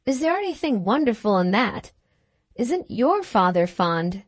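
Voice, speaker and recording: A woman's voice: on the high side, big pitch swings, unhurried, no echo. A woman voicing a cordial, good-humored young man in an audiobook, speaking frankly and eagerly. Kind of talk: audiobook character reading.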